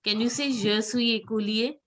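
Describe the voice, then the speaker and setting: A woman's voice: a little high, fairly even intonation, moderate pace. A woman teaching French pronunciation in an online class, patiently repeating words for her students over a video call.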